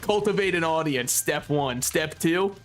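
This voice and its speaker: A man's voice: fairly high pitch, animated, unhurried. A young man streaming a game, talking casually with a joking, sarcastic manner and frequent laughter. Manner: joking, sarcastic, laughs often, swears freely. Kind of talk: casual gameplay commentary. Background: faint game music.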